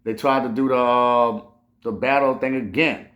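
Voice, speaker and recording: A man's voice: mid-range voice, normal speed, roomy sound. A man hosting a casual commentary monologue, swearing freely and rambling through restarts. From New Orleans. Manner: animated, profane, rambling with restarts. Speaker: host.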